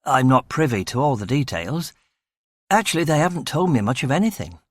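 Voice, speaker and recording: A man's voice: medium pitch, very animated, fairly quick, no room sound, clean studio sound. A man voicing a young, eager and talkative male police constable in a crime audiobook, breezy and upbeat. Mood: chatty.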